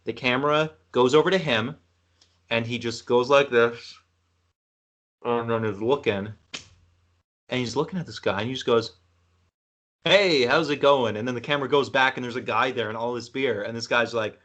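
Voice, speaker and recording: A man's voice: mid-range voice, fairly even intonation, moderate pace, fairly bright tone. A man from Canada hosting a podcast, rambling through a film retelling in casual chat. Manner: rambling, retells film scenes with acted quotes. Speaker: podcast host.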